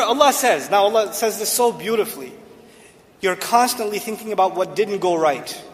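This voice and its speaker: Guy preaching, really high voice, hammers the same words over and over, echo tail like a big hall. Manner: emphatic, repeats phrases for stress. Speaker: Islamic preacher. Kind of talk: sermon explaining Quranic Arabic. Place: hall with a seated audience.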